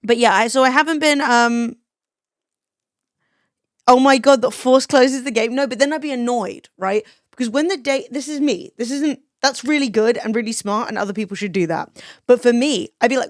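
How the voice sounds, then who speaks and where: A woman's voice: fairly high pitch, normal speed, dry recording, clean studio sound. A young woman streaming a farming game, talking casually with chat, swearing freely and reading comments aloud.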